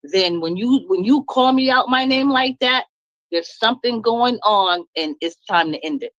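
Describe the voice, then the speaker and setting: A woman's voice: fairly high pitch, lively intonation, normal speed, no room sound, muffled recording. A woman venting bluntly and emphatically about a past marriage, laughing between points in a candid live chat. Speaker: guest speaker.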